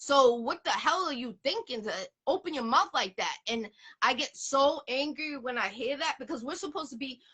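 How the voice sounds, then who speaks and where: A woman's voice: high-pitched, expressive, moderate pace, sharp tone, slightly rough. A woman from the area, hosting an interview in blunt, profane, emphatic casual talk. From Boston area, USA. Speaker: interview host.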